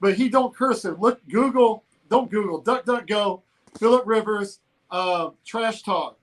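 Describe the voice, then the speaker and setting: A man co-hosting a casual political talk show, animated and laughing often, from Georgia in the United States. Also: high voice, a little slow, rough recording. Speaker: co-host.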